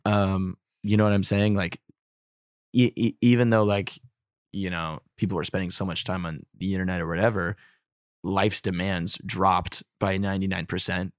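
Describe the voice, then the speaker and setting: A man's voice: sits low, level tone, normal speed, no echo, studio quality. A young man in his twenties, a podcast guest chatting casually, with lots of "like" and "um" fillers. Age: 20s. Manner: rambling, heavy on fillers like "like" and "um". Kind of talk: casual chat.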